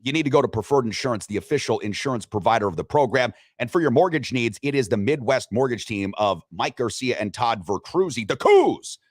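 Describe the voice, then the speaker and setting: A man's voice: mid-range voice, fast talker, few pauses, dry recording, clean studio sound. A man hosting a sports radio show, chatting loosely, joking and reading sponsor spots. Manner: loose, joking, swears casually. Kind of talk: casual sports talk with live sponsor reads.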